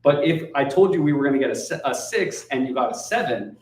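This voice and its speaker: A man's voice: medium pitch, lively intonation, fairly quick, a little mellow. A man giving a casual, conversational talk as a guest speaker at a real estate meetup. He swears now and then and keeps checking in with "right?". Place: meetup room. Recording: echoey room, distant mic.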